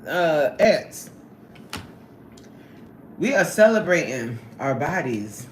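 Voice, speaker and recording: A woman hosting a casual livestream, chatting with viewers in a sassy, animated way and laughing often. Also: low-pitched, unhurried, reverberant, a little hiss or hum. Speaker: livestream host reading chat.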